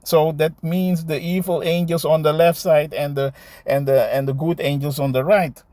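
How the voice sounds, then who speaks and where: A man preaching and reading scripture aloud in a loose, halting way, tagging his lines with "man" and "you see". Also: a little high, steady tone, mellow, no echo. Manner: halting, with many fillers and restarts while finding verses. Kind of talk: casual scripture teaching, reading verses aloud.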